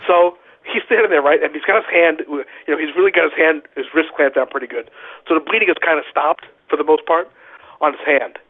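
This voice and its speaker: A man spins wild stories in a rambling, profane way, checking in with "right?" as he goes. His voice sits a little high and husky, squeezed through a thin, phone-like line. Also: a little fast. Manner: animated, profane anecdote-telling with frequent "right?". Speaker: guest, former pro wrestler. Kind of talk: casual storytelling on a podcast.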